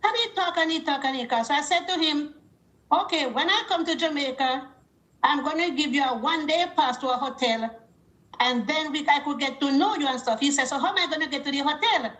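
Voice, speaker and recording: A woman's voice: high voice, brisk. A woman caller on a call-in show, telling a story and acting out the other people's lines as she quotes them. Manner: animated, acts out quoted dialogue. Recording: roomy echo.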